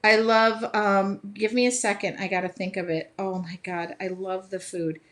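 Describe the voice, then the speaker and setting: Painting on a casual live stream, a Midwestern American woman chats with viewers, reads their comments out loud, laughs frequently and sings bits of songs. She speaks at normal speed in a medium-pitched, level, slightly bright voice.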